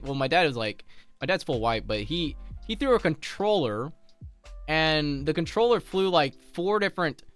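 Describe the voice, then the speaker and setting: Lively, laughing male streamer. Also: a little high. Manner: rambling, laughs often, many restarts. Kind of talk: casual chat with stream chat.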